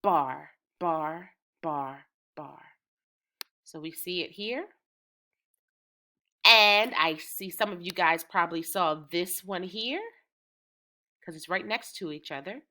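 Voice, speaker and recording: Lady teaching little kids, bright clear voice, a bit low, super encouraging. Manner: encouraging, drawn-out, rhythmic chanting. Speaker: preschool teacher. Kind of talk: slow, sing-song lesson for small children.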